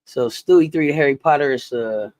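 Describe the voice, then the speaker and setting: Woman, sports talk host, animated casual livestream commentary, greets chat, dry close mic. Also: very deep voice, moderate pace, no room sound. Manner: animated, chatty, shouts out viewers.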